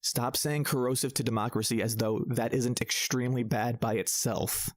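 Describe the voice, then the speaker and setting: A man's voice: medium pitch, steady tone, moderate pace, no echo, clean studio sound. A man narrating a political commentary with sarcastic rebuttals.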